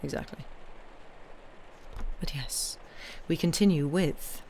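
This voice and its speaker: A woman's voice: low-pitched, a little slow, darkish tone, slight background noise. A woman livestreaming, chatting with viewers in a hesitant way before reading a ghost story aloud. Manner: chatty, hesitant, many ums. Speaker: streamer reading ghost stories. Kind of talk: casual chat with live chat, then story reading.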